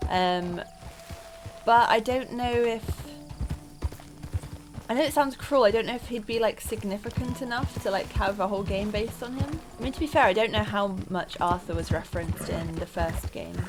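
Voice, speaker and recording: Chatty woman doing gameplay commentary. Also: mid-range voice. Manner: chatty and rambling, thinking aloud. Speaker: let's play gamer. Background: game music and horse hooves.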